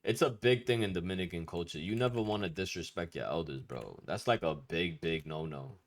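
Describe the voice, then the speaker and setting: Male teacher with a deep voice, loose and slangy, blunt, swears now and then, casual lesson delivery. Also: a little fast. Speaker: Spanish culture teacher.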